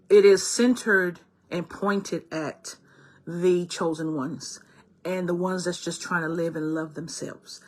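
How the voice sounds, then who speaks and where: A bright, husky woman delivers an impassioned spiritual card reading. She speaks straight to her listeners and calls them baby and her loves. Her tone is exclamatory and heartfelt. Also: lowish voice. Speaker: spiritual guide.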